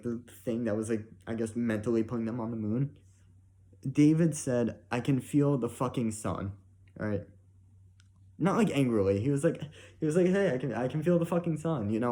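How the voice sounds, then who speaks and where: A man's voice: mid-range voice, dark tone. A young man giving a casual, emotional spoken review, rambling with many "like" and "right?" fillers and frequent swearing.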